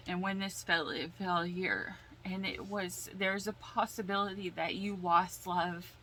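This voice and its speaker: A woman reads tarot cards in a casual, heartfelt way, often pausing to sigh and steady herself against tears. Her voice sits a little low and she takes her time over every phrase. A faint hiss of noise sits under the recording. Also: rough recording. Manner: slow, emotional, sighing and holding back tears. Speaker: tarot reader.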